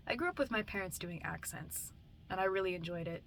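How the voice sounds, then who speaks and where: A woman's voice: mid-range voice, animated, normal speed, vocal fry, pauses often, fairly bright tone, a little hiss or hum. A young adult woman vlogging at home at night, chatting in a drowsy, meandering way with casual swearing. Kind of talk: late-night rambling chat.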